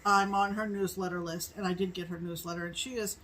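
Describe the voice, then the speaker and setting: A middle-aged woman from New England co-hosting a casual chat, rambling slowly with many ums. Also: fairly low pitch, steady tone, fairly bright tone, slight background noise, rough recording. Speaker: co-host.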